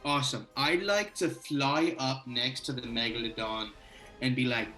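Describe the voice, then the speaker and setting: A man playing a tabletop game, excitable and swearing freely as he describes his moves. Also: mid-range voice, moderate pace, recorded from a distance, faint music behind. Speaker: player. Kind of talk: tabletop role-play.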